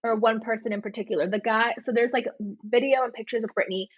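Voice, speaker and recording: A young woman talks through a story in a casual podcast chat, scattering "like" through every sentence. Her voice sits a bit high and sounds husky, and the recording is dull and dry. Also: fast, dry recording. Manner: animated storytelling with many "like" fillers. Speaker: podcast co-host.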